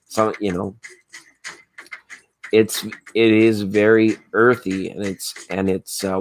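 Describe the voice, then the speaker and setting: A man with a hoarse voice hosting a laid-back late-night tarot livestream, chatting with viewers in a rambling, spiritual way. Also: fairly low pitch, slight background noise. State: hoarse from screaming at a football game. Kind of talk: casual late-night chat reading viewer comments.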